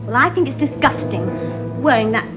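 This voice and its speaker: A woman's voice: on the high side, big pitch swings, normal speed, lo-fi sound, music in the background. A prim, scandalised young lady. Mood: disapproving. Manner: prim, disapproving.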